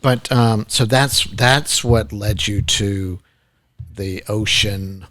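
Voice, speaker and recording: A man with a fairly low voice hosts a podcast and asks casual questions. He rambles and hesitates, using plenty of fillers. The recording is dry and close. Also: slow pace, fairly bright tone, no echo. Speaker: podcast host.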